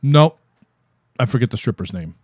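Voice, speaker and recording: A man's voice: medium pitch, lively intonation, moderate pace, a little mellow, dry recording. A man co-hosting a podcast, chatting casually in a rambling, profane way. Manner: rambling, profane, laid-back. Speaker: podcast co-host. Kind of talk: casual chat.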